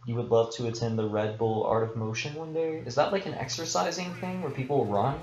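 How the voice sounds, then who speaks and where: A man's voice: mid-range voice, fairly quick, a little mellow, a little hiss or hum. A man chatting casually while playing a game on a live stream, rambling and self-deprecating as he talks to viewers. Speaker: gaming livestreamer. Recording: roomy echo with game music behind.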